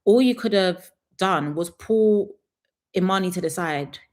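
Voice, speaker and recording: A woman's voice: fairly low pitch, unhurried, darkish tone. A young woman, chatting sassily through a live reality TV review and laughing often.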